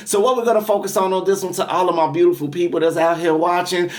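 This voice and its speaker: Man, tarot reader, slightly high voice, preachy and repetitive, leads prayer and breathing. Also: quick pace, few pauses. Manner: preachy, repetitive, calls out to viewers. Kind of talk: spiritual reading with guided meditation.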